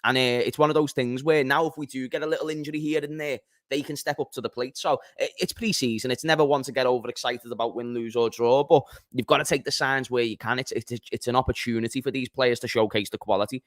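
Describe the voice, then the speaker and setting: A man with a London accent, speaking as a football panelist on a video call. His delivery is laid-back and full of banter, in a mid-pitched voice. The sound is dry and close, with no room echo. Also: fairly even intonation, quick pace, hardly any pauses. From Liverpool, England. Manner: laid-back, jokey banter with local slang. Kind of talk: casual football chat.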